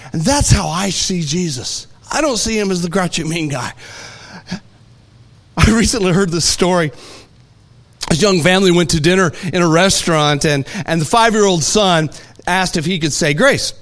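A man preaching a sermon, telling stories with animated delivery and acting out voices. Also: sits high, normal speed. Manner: animated storytelling, acts out voices. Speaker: pastor.

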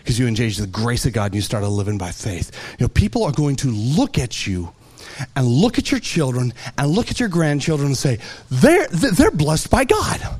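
A man preaching a sermon, animated and playful, telling everyday stories with lively asides. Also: mid-range voice, a little fast. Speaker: pastor.

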